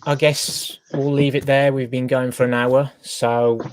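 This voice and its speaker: A man's voice: medium pitch, level tone, unhurried. A man hosting a casual gaming podcast, talking hesitantly with many fillers. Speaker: podcast host.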